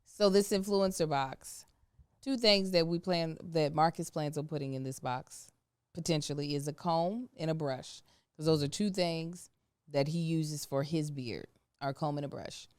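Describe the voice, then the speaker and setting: A woman co-hosting a podcast, telling stories in a candid, animated way with plenty of slang. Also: low voice, unhurried, clean tone, no room sound. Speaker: podcast co-host. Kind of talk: casual podcast chat. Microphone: studio microphone.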